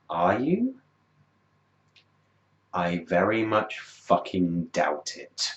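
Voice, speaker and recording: A man's voice: low voice, wildly swooping pitch, extremely slow, long pauses, lo-fi sound, slight background noise. A man ranting sarcastically about songs, sweary and exasperated, dropping to mutters and jumping to mocking shrieks. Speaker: music review vlogger. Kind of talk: sarcastic comedic music review.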